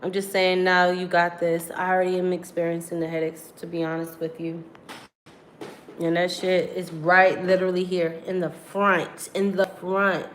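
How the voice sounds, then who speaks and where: A woman's voice: fairly low pitch, flat delivery, normal speed. Woman, 30s, from Virginia, worn out after crying, candid slangy livestream chat, faint hiss behind. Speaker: livestreamer reading viewer comments. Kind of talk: casual live stream chat.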